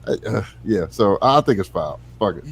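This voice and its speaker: A man's voice: on the low side, lively intonation, moderate pace, a crowd in the background. A man on a casual talk show giving blunt, profane opinions and mocking others in sarcastic voices. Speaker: co-host.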